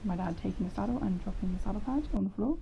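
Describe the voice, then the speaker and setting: Chatty woman with a gravelly edge. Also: medium pitch, rapid-fire, dark tone. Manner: chatty, rambling, self-deprecating. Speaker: horse vlogger. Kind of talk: casual voice-over narration. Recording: dull lo-fi sound with faint noise.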